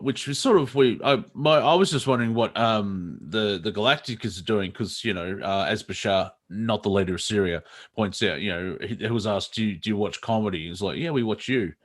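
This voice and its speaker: Aussie guy, lowish voice, rambly comedy chat, lots of ums. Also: lively intonation, brisk. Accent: Australian. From Australia. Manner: rambling, many fillers and restarts, laughs often. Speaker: comedy show co-host.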